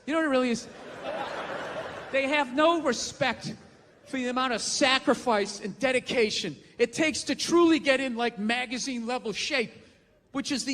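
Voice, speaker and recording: Stand-up comic, male, high bright voice, loud exasperated ranting, live stage mic with hall reverb. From United States. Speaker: stand-up comedian. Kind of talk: stand-up rant to a live audience. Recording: live venue with long reverb and faint ambience.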